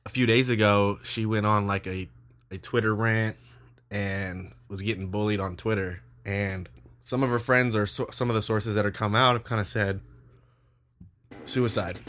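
A man's voice: lowish voice, fairly even intonation, a bit bright. Joking man hosting a podcast. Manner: loose, joking, fast rambling delivery. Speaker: podcast host. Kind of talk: casual podcast chat.

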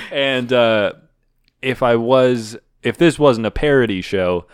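A man hosting a podcast in a casual comedic chat, quick and ironic. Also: medium pitch, animated, clean tone, no echo, clean studio sound. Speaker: podcast host.

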